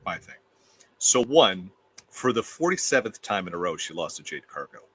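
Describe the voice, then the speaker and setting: A man's voice: sits low, sing-song, normal speed, sharp tone, breathy edge. A man appearing as a guest reviewer, talking in an emphatic, opinionated way and often repeating himself. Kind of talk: casual opinionated chat.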